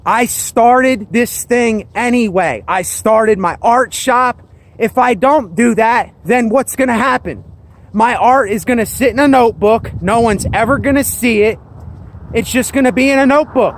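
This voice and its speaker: A man's voice: very high voice, moderate pace. A man talking earnestly and emphatically in a personal vlog, circling back to his points. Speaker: vlogger.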